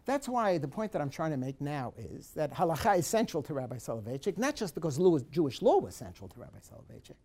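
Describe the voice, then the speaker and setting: Animated low-voiced woman lecturing. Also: quick pace, hardly any pauses. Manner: animated, acts out questions in first person; emphatic, repeats key points. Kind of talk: recorded course lecture.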